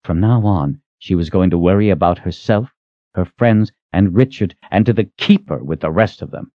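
A man narrating an audiobook with expressive storytelling. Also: low voice, normal speed, no room sound. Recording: dull, dry lo-fi recording.

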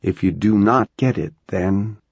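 A man's voice: lowish voice, measured pace, darkish tone, breathy edge, no echo. A man voicing a firm, level-headed wife and mother. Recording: dull lo-fi dry recording.

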